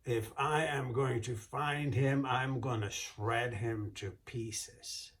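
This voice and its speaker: A huge male giant from a folk tale, loud and slow, spitting out his threats as a storyteller puts him on. The voice is even and mid-pitched, heavy with menace. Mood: menacing.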